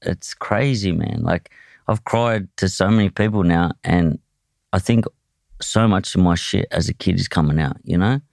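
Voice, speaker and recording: A man's voice: low-pitched, moderate pace, gravelly, darkish tone, dry recording, clean studio sound. An Australian man telling his own story in a candid, blunt way, swearing often and restarting his sentences. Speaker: podcast guest, boxer.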